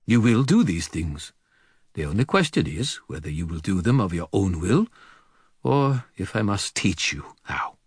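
A man voicing a calm, gentle male guardian dog with a dry, polite wit, a bit higher than his own voice. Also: unhurried, breathy edge, dry recording, heavily acted.

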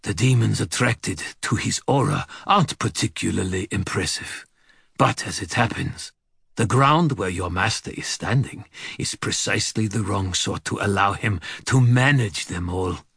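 A man voicing a menacing, contemptuous male dog-spirit villain who speaks slowly in a snarling, archaic way, with a gravelly husky voice. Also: on the low side, a bit bright, dry recording, clean studio sound, heavily acted.

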